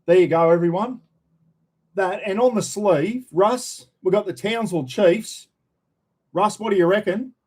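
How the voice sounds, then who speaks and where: A man's voice: high-pitched, unhurried, a little mellow, husky. A middle-aged Australian man hosting a casual livestream chat, rambling and slangy, often calling out to his viewers as everyone. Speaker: livestream host.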